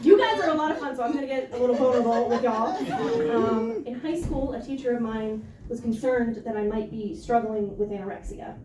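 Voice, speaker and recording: A young woman performing a stand-up comedy set in a club, with a deadpan, self-deprecating way of telling stories. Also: on the high side, a little fast. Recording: roomy club sound from a distance, with crowd noise.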